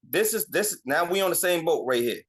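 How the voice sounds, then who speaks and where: A man's voice: on the high side, animated, a little fast, a bit bright. A man from North Carolina, a podcast co-host, talking bluntly and swearing freely in a casual group discussion.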